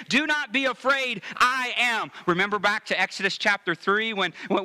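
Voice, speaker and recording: A man preaching a sermon, reading scripture and speaking straight to the congregation, dropping to hushed low passages and rising to emphatic ones. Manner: reads scripture aloud and comments on it directly to the congregation. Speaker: pastor.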